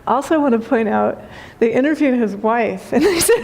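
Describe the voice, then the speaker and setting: A woman's voice: a little high, animated, normal speed, a little mellow. A woman giving a spiritual talk as teacher, telling a funny story and laughing often.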